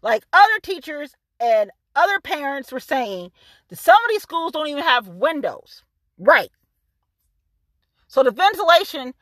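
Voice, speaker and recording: Angry woman going off, super high sharp voice, swears nonstop, dry close sound. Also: no echo. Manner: fiery, cursing, repetitive and emphatic. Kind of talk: angry profane rant to camera.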